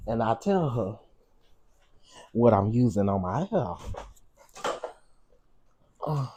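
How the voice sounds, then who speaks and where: A man's voice: mid-range voice, sing-song, takes it slowly, background noise. A man hosting a livestream, giving sassy, teasing live commentary with laughing asides. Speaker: livestream host.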